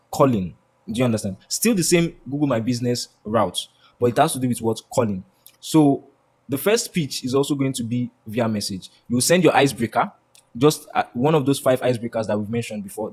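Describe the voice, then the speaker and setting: A man's voice: mid-range voice, slightly rough. A man teaching a sales lesson, often asking "do you understand?" and acting out sample lines. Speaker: sales course instructor.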